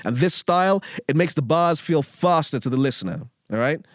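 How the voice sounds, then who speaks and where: A British man with a brisk, fairly high, lively voice gives a casual lesson on writing rap lyrics, using rap examples and often checking in with "all right?" and "okay?" The mic is close and dry, with a faint beat underneath.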